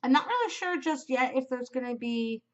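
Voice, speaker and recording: A woman's voice: high-pitched, animated, normal speed, highs cut off. A middle-aged woman from Canada hosting her own podcast in a casual, chatty, upbeat way, with frequent ums. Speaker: podcast host. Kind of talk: casual solo podcast chat.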